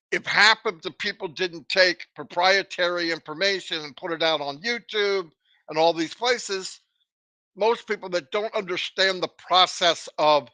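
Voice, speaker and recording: Emphatic high-voiced man giving a pep talk. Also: bright, forceful tone, no room sound. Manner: emphatic, rhetorical questions, acts out voices. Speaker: motivational speaker. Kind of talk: live motivational talk.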